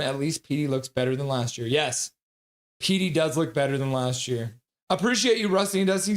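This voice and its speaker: A man from Calgary hosting a casual live stream, reading out viewers' chat messages in a jokey way and laughing often. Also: a little high. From Calgary, Canada.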